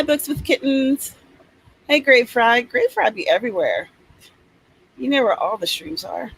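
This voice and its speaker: A woman's voice: a little high, breathy edge, low-quality recording. A woman hosting a live writing stream, chatting casually and reading out viewers' comments. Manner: chatty, reads out comments, playful asides.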